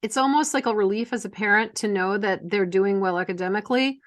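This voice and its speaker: A woman hosts a casual interview, speaking at a middling pitch. She is supportive and frames long questions that lead her guest along. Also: a little fast. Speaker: podcast host.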